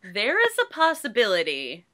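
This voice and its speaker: A woman co-hosting a podcast in casual chat, excitable and quick to agree. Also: mid-range voice. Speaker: podcast co-host.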